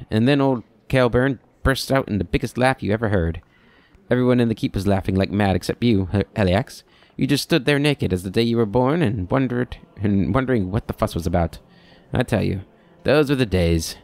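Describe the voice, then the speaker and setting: A man's voice: on the low side, normal speed, no echo, close to an everyday voice. A man voicing a rambling, nostalgic old male keeper who chatters in a folksy, reminiscing way. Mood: chuckling.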